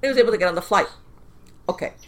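A woman guest on a podcast, telling stories in a casual, animated way with lots of fillers and restarts. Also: mid-range voice, rapid-fire. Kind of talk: casual conversational storytelling.

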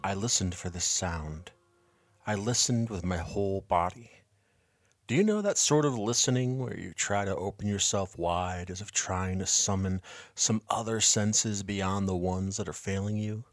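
In a calm, measured, introspective way, a man with a lowish voice narrates a story in the first person, quiet and reflective. The recording is close and dry, without any room sound.

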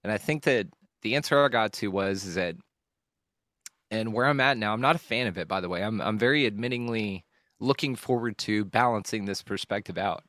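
A man hosting a podcast, talking candidly and emotionally about a hard stretch, rambling and swearing with frequent halting restarts. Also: fairly low pitch, fairly bright tone, no room sound, studio quality. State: emotional at times. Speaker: podcast host. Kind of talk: candid personal monologue.

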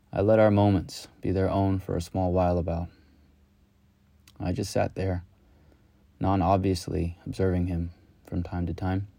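A man reading a reflective personal story in a slow, measured, lyrical way. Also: low voice, creaky, mellow, no room sound. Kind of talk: reflective spoken-word storytelling.

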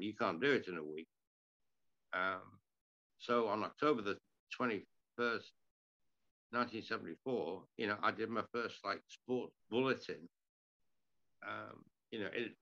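An older former sports broadcaster, now an interview guest, wanders through self-deprecating stories from his broadcasting years in a lowish voice that's bright and forceful. He talks at a normal speed, restarts often, and clears his throat a lot, all on a lo-fi recording.

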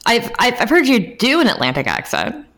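A woman's voice: a little high, huge pitch swings, brisk, fairly bright tone. A woman co-hosting a podcast, chatting casually in a giggly, teasing way. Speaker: podcast co-host.

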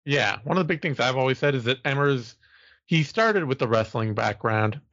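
A man's voice: medium pitch, lively intonation, moderate pace, a bit bright, no room sound. Man hosting a fight podcast. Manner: chatty, analytical, self-mocking. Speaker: podcast host. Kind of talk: casual sports podcast chat. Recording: dull, slightly lo-fi dry sound.

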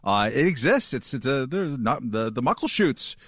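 A man co-hosting a podcast in casual chat, rambling and wry, his voice trailing off softly. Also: mid-range voice, big pitch swings, moderate pace, husky, no echo, studio quality. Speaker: podcast co-host.

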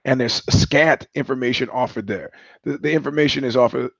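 A man's voice: mid-range voice, a little fast, creaky, a bit bright, no echo, dull audio. A man hosting a podcast, talking through a sardonic, rambling monologue with many restarts. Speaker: podcast host. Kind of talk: casual monologue.

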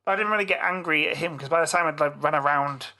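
A middle-aged man on a podcast, telling a story in casual chat with animated, swearing delivery. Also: fairly high pitch, fast. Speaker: podcast co-host.

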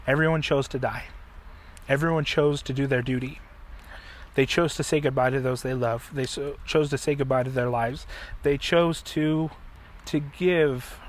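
Middle-aged male podcast host, lively storyteller, a bit higher voice, faint hum behind. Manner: animated storyteller, acts out quotes. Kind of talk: casual chat, retelling a story.

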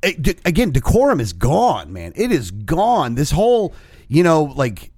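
A man's voice: a little high, wildly swooping pitch, measured pace, darkish tone, slightly rough, no room sound, clean studio sound. A man co-hosting a casual podcast, rambling with many restarts and reading news items aloud. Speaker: podcast co-host. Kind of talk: casual chat.

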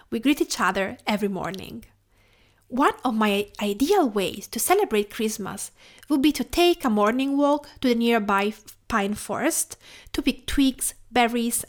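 A woman from Tuscany with an Italian accent, hosting a podcast in a gentle, lyrical, measured reading style. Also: on the high side. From Tuscany, Italy. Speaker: podcast host and food writer. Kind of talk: scripted reflective narration.

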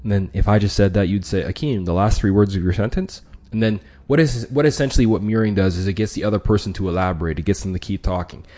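Brief: male podcast host, lowish voice, casual slangy explainer. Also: racing, few pauses, darkish tone. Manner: conversational, many restarts, slangy. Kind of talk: casual instructional talk.

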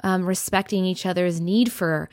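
Low-voiced woman hosting a podcast. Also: fairly even intonation, moderate pace, dry recording, studio quality. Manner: warm, encouraging, reflective. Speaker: podcast host. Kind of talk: casual interview chat.

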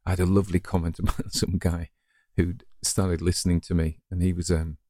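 A man's voice: deep voice, little pitch movement, fairly quick, dark tone, no room sound, studio quality. A man with a Northern English accent, hosting his own story podcast and chatting casually and self-deprecatingly to listeners. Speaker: podcast host and story reader.

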